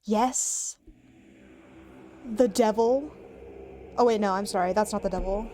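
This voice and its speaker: A woman streamer rambles casually and giggles as she shows off sound effects and voice changer settings, wearing headphones beneath a hat. Her medium-pitched voice is warm and unhurried, with a little hiss or hum in the recording.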